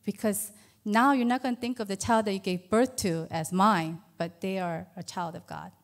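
A woman in her fifties gives a personal testimony at church about being an adoptive mother. Her voice is medium-pitched and steady, at a moderate pace. She sounds earnest and conversational, with lots of fillers.

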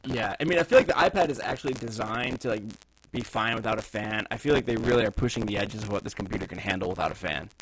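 A man's voice: lowish voice, fast talker, slight background noise, poor audio. A man co-hosting a podcast, chatting casually and laid-back about phones and gadgets. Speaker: podcast co-host. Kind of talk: casual tech chat.

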